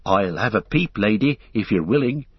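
A man's voice: on the low side, animated, normal speed, slightly rough, no room sound. A man voicing a loyal, homely male hobbit servant with rustic country speech, on a dull lo-fi recording. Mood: wistful.

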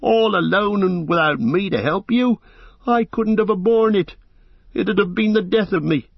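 A man's voice: lowish voice, expressive, measured pace, husky, no echo, full character voice. A man reading aloud and voicing a loyal young male hobbit servant who pleads in homely country speech. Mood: hurt. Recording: dull lo-fi dry recording.

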